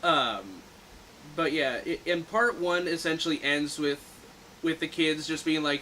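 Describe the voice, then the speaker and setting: Bright-voiced man in a casual movie review chat. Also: on the high side, measured pace, slight background noise, poor audio. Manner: animated, laughs often, acts out quoted lines. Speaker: movie review podcast co-host.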